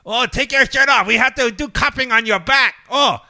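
A man voicing a brash male acupuncturist in an exaggerated put-on Chinese accent, shrill and laughing. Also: moderate pace, sharp tone, heavily acted. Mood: mocking.

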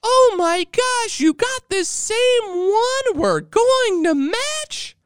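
A man voicing his excited young wife in a squealing high falsetto. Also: normal speed, no room sound, clean studio sound. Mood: thrilled.

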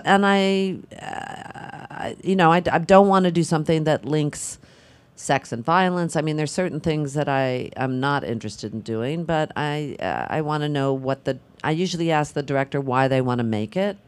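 An older actress talks casually on a film panel in a low-sitting female voice. She muses and halts, restarting often and filling gaps with fillers.

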